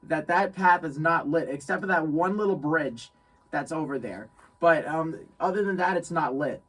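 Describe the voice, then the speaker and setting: A young man from New York telling a story in casual chat, animated, laughing often and repeating phrases. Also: a little high, normal speed, recorded from a distance, rough recording. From New York State. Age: young adult. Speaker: guest friend.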